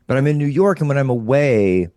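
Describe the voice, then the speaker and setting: A man in casual chat, an animated storyteller who swears and laughs often. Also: mid-range voice, brisk, no room sound, clean studio sound. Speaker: podcast guest, comedian.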